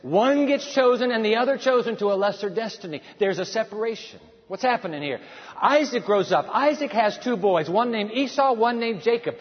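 A man's voice: sits high, expressive, normal speed. A man preaching a sermon, speaking emphatically and firing rhetorical questions at the congregation. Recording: dull sound in a reverberant hall.

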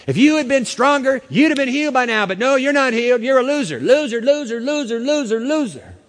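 A man's voice: very high voice, expressive, fairly quick, big-room sound, pitched above the performer's own voice. A man voicing a sneering male devil who taunts and mocks his listener. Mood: taunting. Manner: mocking, jeering, repetitive taunts.

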